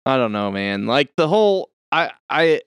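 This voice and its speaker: Homme décontracté qui jure souvent. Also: male voice, mid-range voice, sing-song, moderate pace, clear, resonant tone, no echo. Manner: loose, profane, laughs often. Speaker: podcast co-host. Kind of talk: casual chat.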